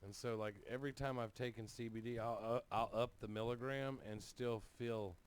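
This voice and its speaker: A man's voice: mid-range voice, fairly even intonation, fairly quick, clear, resonant tone. A man hosting a podcast, swearing and joking as he tells crude stories about his family. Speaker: podcast host. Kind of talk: crude casual banter.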